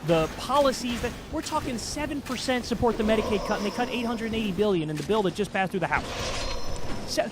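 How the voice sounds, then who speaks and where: Fired-up, swearing male commentator, high voice. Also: animated, quick pace. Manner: impassioned, profane, emphatic. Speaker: political commentator. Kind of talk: online political rant. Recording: loud background music. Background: loud music.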